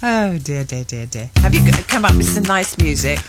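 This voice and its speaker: A woman's voice: low-pitched, expressive, normal speed, creaky, over loud music. A woman co-presenting a radio show, teasing her co-host with mock indignation and frequent giggles. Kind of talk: playful radio banter.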